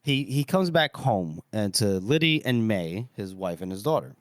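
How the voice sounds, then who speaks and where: A man co-hosting a book podcast, recapping the story in a hesitant way with many pauses and "uh"s. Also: fairly low pitch, lively intonation, no room sound, clean studio sound. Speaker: podcast co-host. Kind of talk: casual book discussion.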